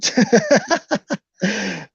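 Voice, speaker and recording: A man's voice: high-pitched, big pitch swings, drawn-out words, creaky, slightly rough, no echo, lo-fi sound. Easygoing man hosting a live panel. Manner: easygoing, chuckling often. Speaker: host. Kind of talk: casual chat.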